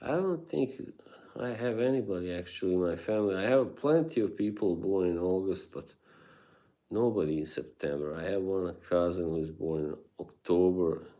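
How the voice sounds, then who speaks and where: A man's voice: deep voice, animated, moderate pace, dark tone. A man hosting a livestream, chatting casually with viewers and laughing often between remarks. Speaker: livestream host reading chat.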